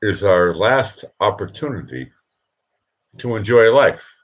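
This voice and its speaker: A man hosting a late-night live stream, emotional and teary, talking in halting, rambling bursts. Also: fairly low pitch, lively intonation. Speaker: livestream host.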